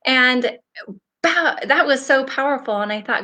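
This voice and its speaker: A woman's voice: high voice, unhurried, sharp tone. A woman in her forties, a nail technician hosting a casual livestream, chatting in a rambling, upbeat, motivational way while reading viewer comments. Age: 40s.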